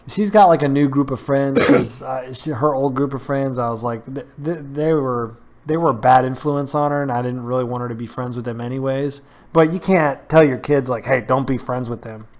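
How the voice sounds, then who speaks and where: A man in his thirties chats on a live gaming stream, telling stories in a loose, easy way and laughing at his own punchlines. His voice sits at an ordinary pitch. He sounds like an everyday talker. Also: moderate pace, few pauses. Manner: chatty storyteller, laughs at his own jokes. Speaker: host of a live gaming show. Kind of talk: casual chat.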